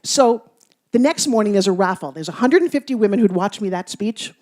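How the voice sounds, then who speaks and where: A woman giving a motivational speech to a live audience, telling stories with playful teasing and swinging between loud bursts and hushed asides. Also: mid-range voice, animated, a little fast. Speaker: motivational speaker.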